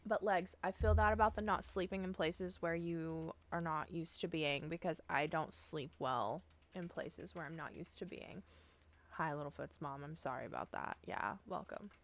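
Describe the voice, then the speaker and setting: A woman's voice: low voice, normal speed. A woman live streaming from home, chatting casually and swearing freely as she talks straight to her viewers while setting up a game.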